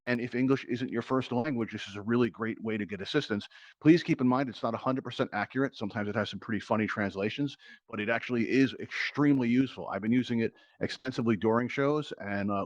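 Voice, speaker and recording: A man's voice: fairly low pitch, dry recording, highs cut off. A man hosting a live game show in virtual reality, an upbeat showman hyping up the crowd through a headset mic. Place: virtual reality social app.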